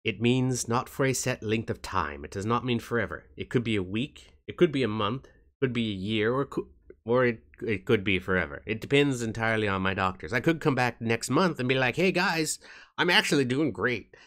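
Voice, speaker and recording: A man's voice: medium pitch, fairly quick, fairly bright tone. A man chatting on his vlog in a joking, rambling and self-mocking way. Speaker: YouTuber. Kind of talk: casual vlog chat.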